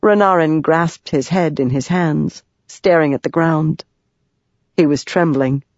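An audiobook narrator reading a fantasy novel in an even, measured way. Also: medium pitch, no room sound. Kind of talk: scripted narration. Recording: dry, dull lo-fi sound.

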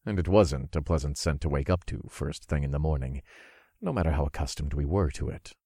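A man narrating an audiobook in the first person, telling the story in a relaxed, smooth way. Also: extremely low pitch, brisk, no room sound, studio quality.

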